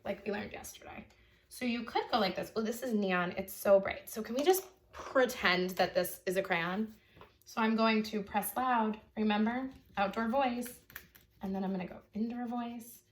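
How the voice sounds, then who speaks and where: A woman's voice: medium pitch, a bit bright, slight background noise. A young adult woman art teacher giving a chatty, encouraging online drawing lesson for kids, easily sidetracked as she draws.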